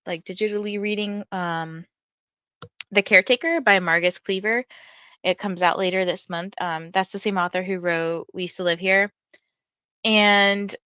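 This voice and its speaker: A woman's voice: mid-range voice, bright, forceful tone, no echo. Chatty woman streamer, dry dull sound. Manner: chatty and rambling, heavy use of "like"; reads viewer chat comments aloud. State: tired and yawning. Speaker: readathon livestream host. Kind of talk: casual livestream chat.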